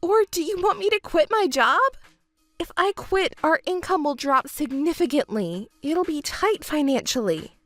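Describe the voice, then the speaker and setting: A woman's voice: sits high, lively intonation, moderate pace, fairly bright tone, no echo, faint music behind, voice pushed up. Woman voicing a pleading, defensive young fiancée. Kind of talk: texting story voice acting.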